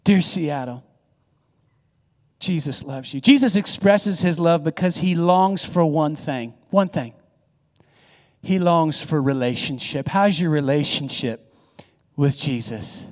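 Guy preaching a sermon, pretty high voice, keeps repeating himself, lots of hall echo. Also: slow pace, long pauses. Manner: emphatic preaching with rising, swelling phrases; repeats and restarts words. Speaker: pastor.

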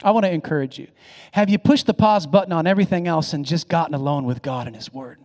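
A high-voiced male pastor preaching to his congregation, with phrases that rise and swell as he presses each point. He often repeats and restarts words mid-sentence. His voice rings out with a long reverb in a big church hall. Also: fast, darkish tone. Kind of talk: sermon.

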